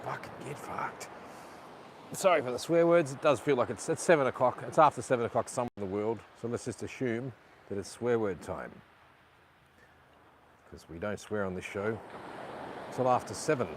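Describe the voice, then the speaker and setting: A man's voice: medium pitch, fairly quick. Cursing man fixing gear outdoors. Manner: frustrated, swears a lot, talks to viewers. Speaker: vlogger. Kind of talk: live vlog while fixing a camera gimbal. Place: outdoors by the sea. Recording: outdoor noise with passing vehicles.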